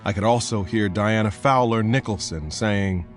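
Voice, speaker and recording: A man narrating a thriller audiobook in the first person, in a steady, measured way. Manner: steady, measured, low-key. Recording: soft music bed.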